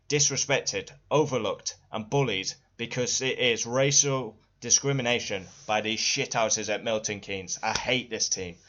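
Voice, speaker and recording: A man's voice: mid-range voice, fairly bright tone. A young man ranting angrily and profanely as a motorsport fan vlogger, hammering the same complaints over and over. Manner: furious, profane, repetitive outbursts. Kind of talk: angry ranting vlog. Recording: dull lo-fi audio.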